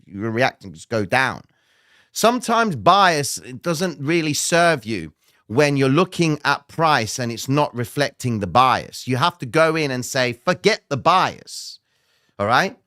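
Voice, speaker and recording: A male trading show host answering questions in a blunt, swearing rant that jumps from low muttering to loud outbursts. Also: big pitch swings, measured pace, dry recording, clean studio sound. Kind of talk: live trading Q&A, animated rant.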